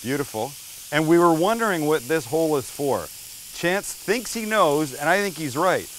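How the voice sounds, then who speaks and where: A man's voice: fairly high pitch, expressive, moderate pace, a bit bright, a little hiss or hum. A middle-aged man hosting a casual cooking demo, chatty and teasing as he cooks. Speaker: cooking show host.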